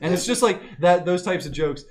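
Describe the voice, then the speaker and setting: A man chatting on a casual podcast, his voice sitting a touch high. He tells stories with energy, slipping into quoted lines and laughing along the way. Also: fairly quick. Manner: animated storyteller, acts out lines, laughs often. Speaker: podcast co-host. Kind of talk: casual chat.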